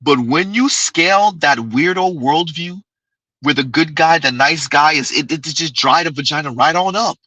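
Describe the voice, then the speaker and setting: A man's voice: a little high, moderate pace, sharp tone, no echo, low-quality recording. A man hosting his own channel, giving casual, emphatic commentary on clips and viewer messages and repeating his key points.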